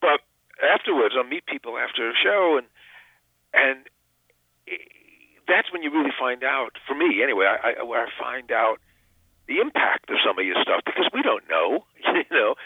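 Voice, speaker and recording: A man's voice: mid-range voice, expressive, normal speed, breathy edge, no echo. An older man, an actor and comedian, chatting in a phone interview, self-deprecating and full of restarts. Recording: tinny phone line.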